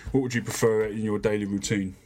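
A man hosting a casual fitness podcast, chatty and quick to laugh, often restarting his sentences. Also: lowish voice, level tone, a little mellow, slight background noise. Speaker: podcast host.

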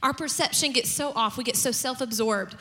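A woman pastor giving a sermon, telling lively family stories and acting out their lines. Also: fairly high pitch, fairly quick, slight background noise. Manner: storytelling with acted-out family dialogue and humor. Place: church hall. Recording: long reverb of a large church hall.

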